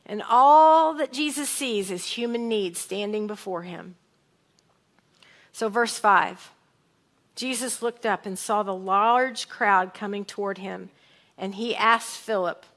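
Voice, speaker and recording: A woman's voice: medium pitch, a little slow, a bit bright. A woman pastor giving a sermon, reading scripture aloud and acting out lines in different tones. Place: church sanctuary.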